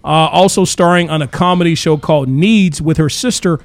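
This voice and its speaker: A man's voice: on the high side, fairly quick, dry recording. A man hosting a radio talk show, giving upbeat introductions and joking around. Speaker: host. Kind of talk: casual chat.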